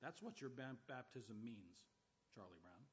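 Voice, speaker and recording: A man's voice: medium pitch, sing-song, measured pace. Man, pastor, sermon, emphatic bursts, wry asides, dull lo-fi recording.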